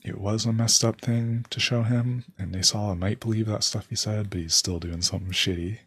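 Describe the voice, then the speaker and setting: A man's voice: lowish voice, fairly even intonation, fairly quick, hardly any pauses, a bit bright, slightly rough, no echo. A man casually commenting on a game while streaming, with blunt reactions. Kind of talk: let's play commentary.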